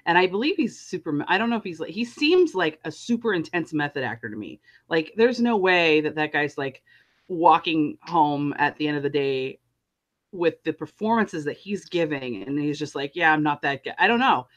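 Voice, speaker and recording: A woman's voice: sits low, lively intonation, moderate pace. A woman co-hosting a podcast in casual chat, talking in an emphatic, enthusiastic way. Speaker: podcast co-host.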